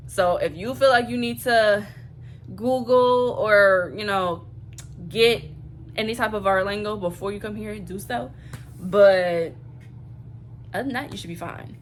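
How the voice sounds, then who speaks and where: A young Louisiana woman with a Southern accent vlogs to camera in a casual chat, blunt and profane, repeating points to hammer them home. Her voice is mid-range and a little slow, with long pauses. Slight background noise can be heard.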